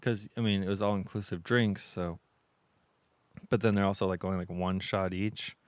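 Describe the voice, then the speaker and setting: Podcast co-host, man, deep and smooth voice, rambling storyteller, dry close mic. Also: fairly even intonation, moderate pace, no room sound. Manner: rambling storyteller, lots of fillers. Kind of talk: casual chat.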